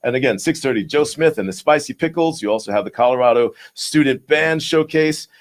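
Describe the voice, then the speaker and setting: A man's voice: medium pitch, animated, fairly quick. A man hosting a live local show, chatty and upbeat as he lists events. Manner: upbeat, chatty, laughs along. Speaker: show host.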